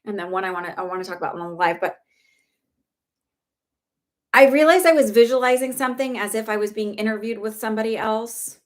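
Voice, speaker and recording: A woman's voice: on the high side, a little fast, pauses often. Woman, young adult, psychic medium, casual livestream talk, reassuring, filler-heavy. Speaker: psychic medium giving live readings.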